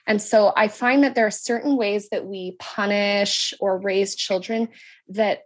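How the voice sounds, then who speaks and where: A woman in her thirties talking in a casual podcast conversation, reflective and measured, explaining her view at length. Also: mid-range voice, steady tone. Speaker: podcast guest, daughter and teacher.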